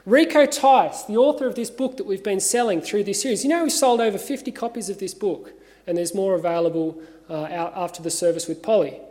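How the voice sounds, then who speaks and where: A man with an Australian accent, an assistant minister giving a measured, earnest sermon with gentle humour in a cathedral. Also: sits high. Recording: long reverb of a cathedral.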